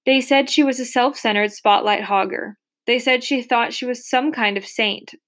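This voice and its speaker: A woman reading a novel aloud as an audiobook narrator, steady and reflective. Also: fairly high pitch, moderate pace.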